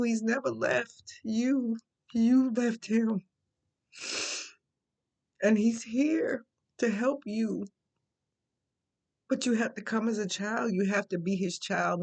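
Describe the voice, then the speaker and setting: Tearful, slow-talking woman preaching faith. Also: medium pitch, a little mellow. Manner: earnest, repeats phrases for emphasis. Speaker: faith vlogger. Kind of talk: emotional faith testimony, preachy.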